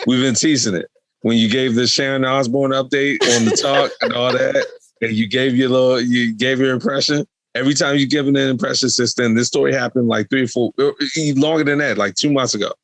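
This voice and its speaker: A man's voice: medium pitch, fairly even intonation, a little fast, dry recording. A man co-hosting a podcast in casual chat, rambling with lots of fillers and restarts. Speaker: podcast co-host.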